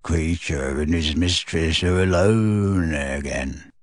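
A man reading aloud, voicing a spiteful old male house elf with a wheezy, cackling, slow and gloating manner. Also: very deep voice, no room sound, studio quality, pitched below the performer's own voice, exaggerated voice.

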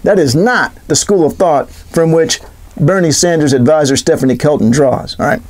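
Brief: male political commentator, high voice, sarcastic and animated. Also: moderate pace. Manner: sarcastic, animated, rhetorical questions.

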